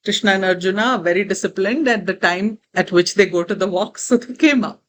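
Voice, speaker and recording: A woman with an Indian accent retelling a spiritual parable in a lively way, with asides. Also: medium pitch, brisk, slight background noise. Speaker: spiritual teacher. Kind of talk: storytelling in a spiritual talk.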